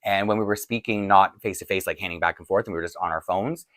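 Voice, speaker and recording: A man's voice: sits low, fast, fairly bright tone, no echo. A man hosting a casual question-and-answer video, chatty and rambling, laughing often, with a voice getting tired. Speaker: doll collecting channel host. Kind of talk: casual Q&A chat to camera. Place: home filming set-up.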